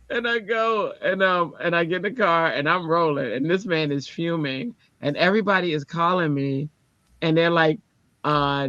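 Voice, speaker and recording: A teacher tells a personal story in casual conversation, animatedly acting out the people she quotes with jumps in pitch. Her voice is recorded without echo but sounds muffled.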